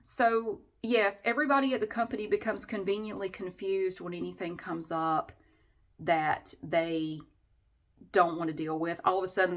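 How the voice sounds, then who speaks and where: A woman's voice: fairly low pitch, steady tone, normal speed. A middle-aged Southern woman ranting in a vlog, sarcastic and profane as she vents. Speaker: vlogger.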